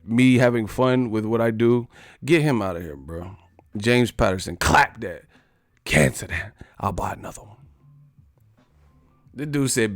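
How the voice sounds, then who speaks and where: A man's voice: lowish voice, animated, measured pace, long pauses, no echo, clean studio sound. A man chatting casually on a live boxing stream, swearing, joking and laughing often.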